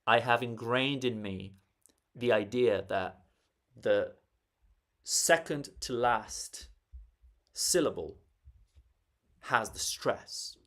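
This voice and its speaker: A man with an Italian accent teaching a live online Italian lesson, explaining slowly and repeating words to show where the stress falls. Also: medium pitch, a bit bright. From Italy.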